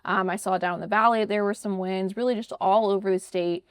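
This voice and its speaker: Fast-talking woman hosting a politics interview. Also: mid-range voice, steady tone, clean tone, no echo, studio quality. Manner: brisk, conversational, many fillers like "you know" and "like". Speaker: podcast host.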